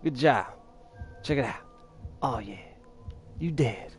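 A man's voice: mid-range voice, expressive, slow, a little hiss or hum. A man hosting a video game let's play, trash-talking and laughing at the enemies he fights. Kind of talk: gameplay commentary.

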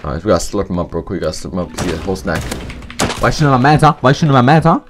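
A man's voice: low voice, big pitch swings, rapid-fire, noisy background. A man giving casual, profane gameplay commentary, full of slang and trash talk as he plays. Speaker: gaming YouTuber.

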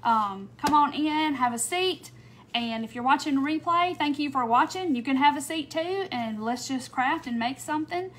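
A woman's voice: sits high, normal speed, slight background noise. A woman hosting a craft livestream, chatting casually and greeting viewers by name with frequent "um"s. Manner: chatty, warm welcomes, frequent little laughs and "um"s.

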